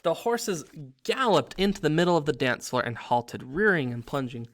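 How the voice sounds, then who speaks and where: A man reading a story aloud in a steady narrating voice, with small slips and restarts. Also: on the high side, moderate pace. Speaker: reader.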